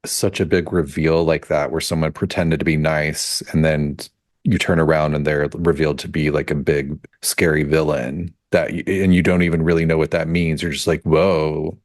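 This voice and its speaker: Very low-voiced woman podcast co-host. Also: fairly even intonation, moderate pace, darkish tone, no room sound, studio quality. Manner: thoughtful, raises questions. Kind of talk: casual podcast chat.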